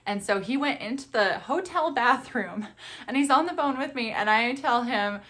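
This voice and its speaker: Young adult woman, mom vlogger, casual and chatty, expressive storytelling with frequent laughs. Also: a little high, moderate pace. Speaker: vlogger and mother of twins.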